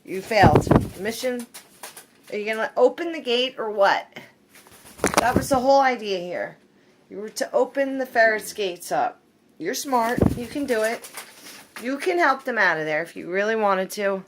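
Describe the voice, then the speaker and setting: A woman's voice: on the high side, animated, moderate pace, noisy background. Playful woman coaxing her pet bird. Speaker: pet owner filming her pets. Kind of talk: casual chat to pets while filming.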